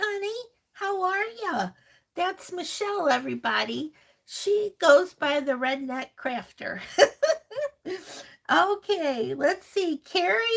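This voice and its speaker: A woman's voice: sits high, a bit bright. A woman hosting a crafting live stream, chatting casually and fondly calling viewers honey and sweetheart, laughing often. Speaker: crafting channel host. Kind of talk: live-stream chat, reading viewer comments.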